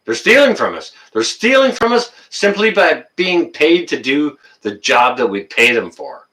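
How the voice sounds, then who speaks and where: A man's voice: on the high side, sing-song, a little slow, pushed and bright, recorded from a distance. A man hosting a casual livestream, reading viewer comments and ranting, getting worked up and then apologizing.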